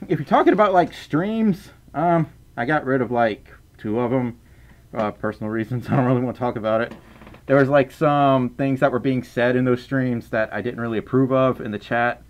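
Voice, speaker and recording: A man with a softened Southern US accent, reading donations on a live stream in casual chat, rambling, stammering over repeated words, and laughing often. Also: mid-range voice. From Southern United States.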